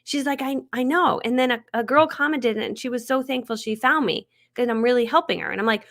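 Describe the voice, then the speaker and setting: A woman giving a live online marketing training, talking fast and getting excited, with bubbly energy. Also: high voice.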